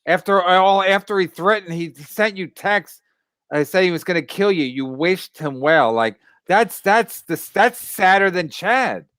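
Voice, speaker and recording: High, loud badgering podcast host. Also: male voice, expressive, measured pace, smooth, no echo. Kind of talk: heated podcast banter.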